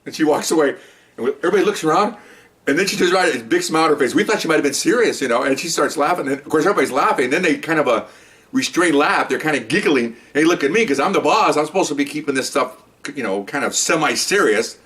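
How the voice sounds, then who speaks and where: A man's voice: a little high, quick pace. A middle-aged man, a police detective and supervisor, telling a casual story in a loose, rambling way, acting out scenes and peppering his talk with "okay?" and "you know.". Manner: animated, acts out scenes with quoted voices. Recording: voice a bit distant from the mic.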